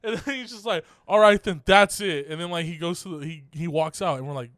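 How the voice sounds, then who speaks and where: A young man co-hosting a podcast, recounting a story in loose, casual talk. His voice sits a bit high and sounds dry and close. He laughs often, swears freely and acts out the lines of the people in his story. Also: a little fast, a bit bright, no room sound. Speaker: podcast co-host.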